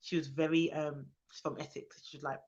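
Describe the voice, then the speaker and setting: A young woman, a nanny, chatting casually on her live stream, reading viewers' comments aloud and greeting them with excited bursts. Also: low voice, fairly quick. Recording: dull lo-fi sound.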